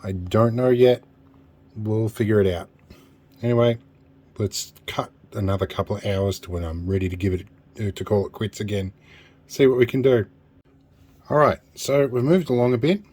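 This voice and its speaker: A man's voice: on the low side, moderate pace, long pauses, a little mellow. A man with an Australian accent hosting a repair video, chatting casually and thinking aloud as he takes apart and solders a keyboard, with some self-deprecating humour. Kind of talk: casual workbench narration.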